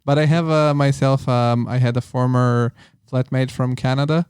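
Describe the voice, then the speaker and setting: A male podcast host asks his guest questions in a casual, curious way, often stumbling and restarting mid-sentence. His voice sits at a middle pitch and sounds clean and clear. The sound is close and dry. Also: steady tone, moderate pace, a little mellow, no echo.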